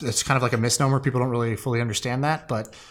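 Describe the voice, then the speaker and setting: A man co-hosting a casual podcast chat, with a mid-range voice that is neither high nor low. He rambles, circling back with fillers and restarts as he works through a point. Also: steady tone, very fast. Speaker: podcast co-host.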